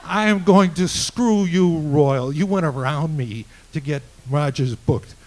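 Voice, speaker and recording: A woman's voice: sits low, big pitch swings, a little fast, warm tone, rough recording. Guy doing an angry lady booker, blunt, swears a lot, barely changes his voice. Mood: furious. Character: curt angry woman TV booker.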